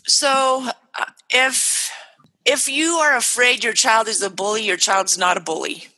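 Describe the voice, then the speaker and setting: Animated, bright-voiced woman guest. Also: a little high, a little slow, rough recording. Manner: animated, acts out parent dialogue. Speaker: guest author and parenting speaker. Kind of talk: animated interview talk.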